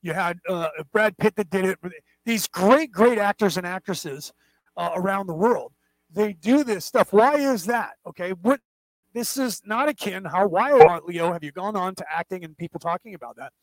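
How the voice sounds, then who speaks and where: A man's voice: sits high, expressive, moderate pace, no room sound, low-quality recording. A man hosting a class, talking in a rambling, digressive way, restarting words and checking in with his listeners. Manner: digressive, keeps checking in with "right?" and "okay?"; restarts and repeats words often. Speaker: class host. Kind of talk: rambling spoken lecture.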